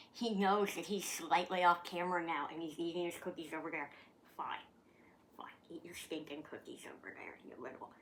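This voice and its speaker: A woman's voice: medium pitch, sharp tone. A woman from Canada chatting casually in her vlog, talking to her dog and swearing freely. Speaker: vlogger. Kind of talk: casual chat.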